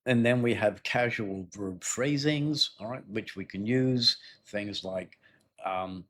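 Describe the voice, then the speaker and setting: Taking things slowly, this IELTS speaking teacher, a middle-aged man, talks in a fairly low, fairly bright voice during a live lesson. He keeps it chatty, checks in with "yeah?" and "right?", and performs sample dialogues with a raised voice.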